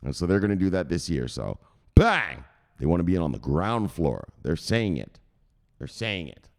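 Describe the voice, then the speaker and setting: A low-voiced man hosts a crypto news show in a loose, profane commentary style. His pitch jumps around animatedly as he gets excited, and he keeps hammering his points home with a punchy "bang." He sounds casual and worked-up rather than scripted. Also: moderate pace, vocal fry. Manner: excitable, swears freely, punctuates points with "bang".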